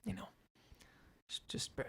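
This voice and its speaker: A man's voice: a little slow, a bit bright, dry recording, in a whisper. A man co-hosting a podcast in an easygoing, giggly way. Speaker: podcast co-host. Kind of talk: casual banter.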